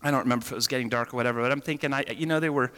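A man preaching a sermon and telling his story with animated shifts between loud bursts and quiet moments. His voice is bright and forceful. It rings out with the long reverb of a large hall. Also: mid-range voice, very fast.

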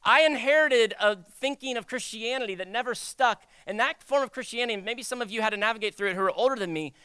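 A young man preaching a sermon in a conversational, animated way, acting out quoted voices. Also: high voice, quick pace, clear, resonant tone, dry recording. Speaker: pastor.

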